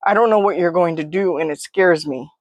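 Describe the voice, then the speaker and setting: A woman voicing a frightened young girl who pleads in a sobbing, breathless, higher voice. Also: brisk, darkish tone, dry recording, close to an everyday voice. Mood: scared.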